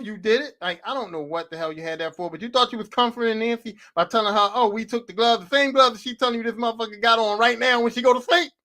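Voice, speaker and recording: A man hosting a podcast, going on a profane, animated comedic rant and talking straight at the character he mocks. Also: very high voice. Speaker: podcast host. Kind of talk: comedic rant about horror movies.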